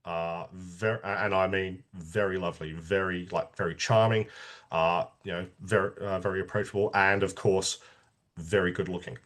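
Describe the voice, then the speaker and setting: A middle-aged Australian man, an army veteran guest telling stories in a casual interview, halting with frequent restarts and laughing as he talks. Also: sits low, fairly even intonation, fairly bright tone.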